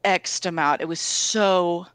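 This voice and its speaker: A woman talking casually, telling stories in a candid, animated way with lots of fillers. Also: on the low side, slow, clean tone, no room sound. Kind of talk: casual conversation.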